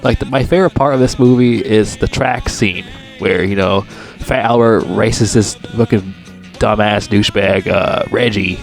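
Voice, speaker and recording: A man giving a casual, rambling movie review, swearing constantly and breaking into exasperated, high-pitched outbursts. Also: steady tone, a little slow, creaky, faint music behind. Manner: profane, rambling, digressive.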